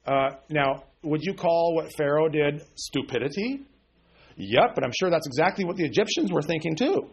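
A man's voice: on the high side, expressive, normal speed, husky. A man preaching a conversational sermon, often asking the congregation questions and checking in with "okay?". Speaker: pastor.

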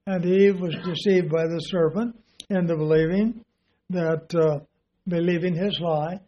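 Slow high-voiced preacher, lo-fi. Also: male voice, steady tone, a little hiss or hum. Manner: slow, deliberate teaching with rhetorical questions. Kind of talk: sermon.

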